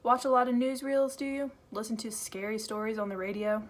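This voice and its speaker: A woman's voice: mid-range voice, a little fast, natural voice. A woman voicing a smug, portly male desk policeman who talks down to a child in an audiobook. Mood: mocking. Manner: condescending, smirking.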